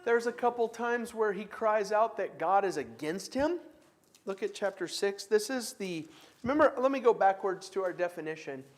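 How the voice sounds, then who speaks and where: A man's voice: high-pitched, animated, normal speed. Conversational man teaching a Bible class. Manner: conversational, reads scripture aloud with emphasis. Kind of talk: church class teaching with discussion. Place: church classroom.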